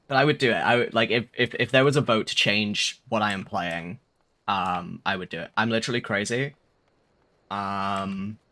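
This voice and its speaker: A man's voice: fairly low pitch, a bit bright. A young man chatting casually on a live stream, rambling and swearing with lots of fillers.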